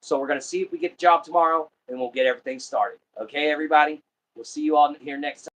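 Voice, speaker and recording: Male streamer host from America, laughs easily, voice a touch high, friendly chat. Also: quick pace, a bit bright, low-quality recording. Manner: laughs often, friendly sign-offs. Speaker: livestream host. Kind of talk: casual livestream chat.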